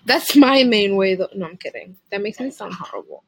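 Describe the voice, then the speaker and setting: A woman's voice: mid-range voice, sing-song, brisk, a crowd in the background. A young woman co-hosting a casual couple's podcast, talking frankly and playfully and laughing easily. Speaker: podcast co-host.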